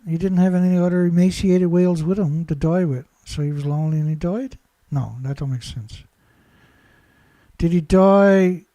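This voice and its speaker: High-voiced man, mocking and sarcastic. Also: warm tone, dry recording. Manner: mocking, laughing, rhetorical questions. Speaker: environmental commentator. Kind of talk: sarcastic solo commentary.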